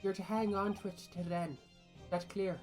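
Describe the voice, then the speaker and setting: A woman voicing a scheming older male villain while reading game dialogue aloud, threatening and deliberate. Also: medium pitch, fairly even intonation, a little mellow, soft background music, close to an everyday voice. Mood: menacing.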